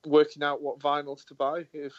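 A man's voice: a little high, monotone, moderate pace, lo-fi sound. A man co-hosting a casual podcast, easygoing, mostly giving short agreeable replies. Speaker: podcast co-host.

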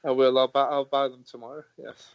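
A man's voice: mid-range voice, level tone, brisk, clear, resonant tone, no echo, muffled recording. A man co-hosting a casual podcast, easygoing, mostly giving short agreeable replies. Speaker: podcast co-host.

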